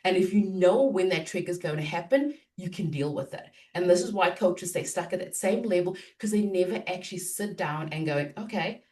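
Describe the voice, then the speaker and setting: A woman business coach talking in a podcast interview, animated and acting out inner self-talk. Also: lowish voice, fairly quick, few pauses, recorded from a distance.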